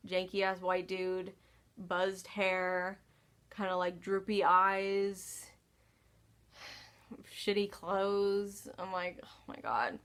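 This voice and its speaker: A woman vlogger tells a story in a loose, casual voice. She sighs often, swears freely and sounds exasperated. Her voice sits at a middle pitch for a woman. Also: monotone, very slow, pauses often, a bit bright, smooth.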